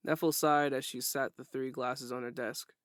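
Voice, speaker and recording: Guy reading a first-person audiobook, steady and plain, mid pitch, dry audio. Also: moderate pace, dry recording. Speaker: narrator.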